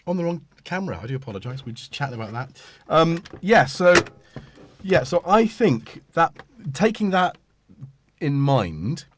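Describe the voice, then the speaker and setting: Speaking into a studio mic on his livestream, this middle-aged man from Britain rambles, interrupts himself, and chats with viewers. His pitch is a little high and swings widely, delivered at normal speed. Faint hiss or hum sits under the recording.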